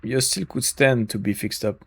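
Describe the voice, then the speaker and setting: A man's voice: mid-range voice, moderate pace, gravelly, breathy edge, dry recording. Joking man narrating a game playthrough. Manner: chatty, joking, reads dialogue aloud. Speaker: gaming YouTuber. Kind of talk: casual let's-play commentary.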